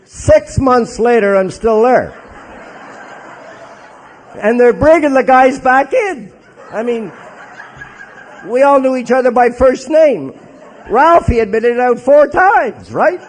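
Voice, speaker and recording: A Canadian man and Catholic priest telling his recovery story to an audience in a joking, animated way. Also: very high-pitched. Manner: joking, animated storyteller who acts out others' voices.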